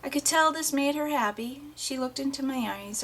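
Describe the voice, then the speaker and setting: A woman's voice: sits high, normal speed, a bit bright. A woman reading a first-person novel aloud in an audiobook, with plain, unpolished delivery and small restarts. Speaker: audiobook reader.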